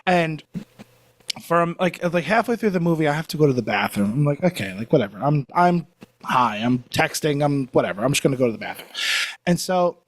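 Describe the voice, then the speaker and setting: Excitable guy on a video call, high voice that swoops all over, laughing as he tells it. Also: brisk, no echo. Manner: animated, laughing storyteller. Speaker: podcast guest. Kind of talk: casual chat, animated storytelling.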